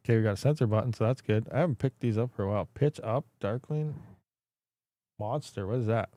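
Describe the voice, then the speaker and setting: A man's voice: medium pitch, moderate pace, pauses often, mellow. A man hosting a casual livestream, rambling, thinking aloud and laughing often. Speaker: crypto mining livestream host.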